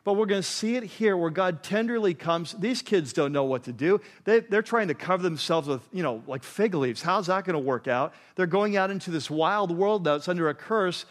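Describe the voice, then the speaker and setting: Conversational preacher with a slightly high voice. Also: male voice, animated, normal speed, hardly any pauses. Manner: conversational preaching, repeats "catch this", drops low and quiet on key phrases. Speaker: pastor. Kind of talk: sermon.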